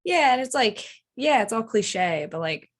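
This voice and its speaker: A woman co-hosting a podcast, talking in a relaxed, conversational way with frequent "like". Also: fairly high pitch, unhurried. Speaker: podcast co-host. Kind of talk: casual podcast chat.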